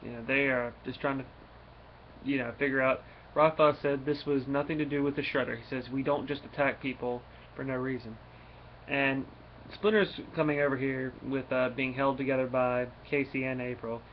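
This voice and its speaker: A man's voice: medium pitch, flat delivery, normal speed. A man giving a casual, rambling spoken comic book review with many fillers. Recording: dull lo-fi recording, faint noise.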